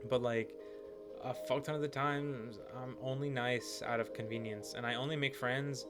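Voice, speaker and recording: A young man, a gaming streamer, chats casually while he plays, rambling and swearing with plenty of "like" fillers. His voice is medium-pitched, his tone steady and his pace moderate, with music playing in the background.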